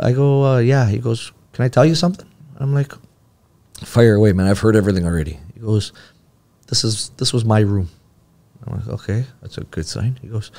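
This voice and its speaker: A man's voice: lowish voice, mellow. A man, a podcast guest telling a long personal story in casual talk and acting out the dialogue.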